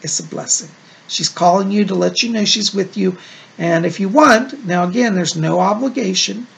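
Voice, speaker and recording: A man's voice: high-pitched, normal speed, gravelly, fairly bright tone. A man hosting a psychic show, reading viewer letters in a casual, reassuring, chatty way. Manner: chatty and reassuring, with frequent "like" and "you know". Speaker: psychic medium host.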